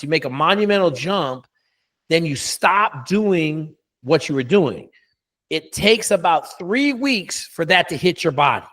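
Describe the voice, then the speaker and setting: A man's voice: sits high, fairly bright tone. A middle-aged man, a coach, telling a story in a casual interview, blunt and profane with lots of emphasis.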